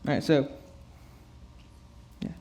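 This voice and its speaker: A young man giving a halting personal testimony to a youth group, full of fillers and nervous laughs and close to tears. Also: warm tone, a little hiss or hum.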